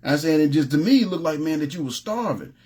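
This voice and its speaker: A man preaching an informal sermon, telling stories in a relaxed, streetwise way and often asking "you know what I'm saying". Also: on the high side, a little fast, slightly rough. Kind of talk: conversational sermon with storytelling.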